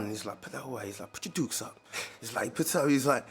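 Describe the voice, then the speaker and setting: A man's voice: on the low side, lively intonation, fast, few pauses, breathy edge. A man who works as a personal trainer, talking casually as a podcast guest in a laid-back, slang-heavy, emphatic way. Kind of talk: casual chat.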